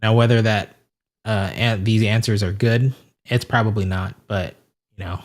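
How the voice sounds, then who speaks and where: A man with a somewhat low voice hosts a relaxed livestream, answering viewer questions. His phrasing is loose and rambling, and he pokes fun at himself as he goes. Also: normal speed. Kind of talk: casual livestream chat.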